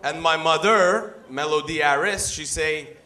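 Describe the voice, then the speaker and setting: Stand-up comic, Quebec French accent, broken English, bright voice, echoey hall. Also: male voice, a little high. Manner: broken English, slow deadpan delivery. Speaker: stand-up comedian. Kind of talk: stand-up routine. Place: comedy stage.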